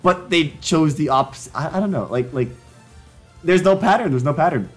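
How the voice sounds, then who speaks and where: Animated young man live-streaming, joking. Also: on the high side, fairly quick, faint music behind. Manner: joking, reads app prompts aloud. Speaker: livestreamer. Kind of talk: casual live-stream commentary.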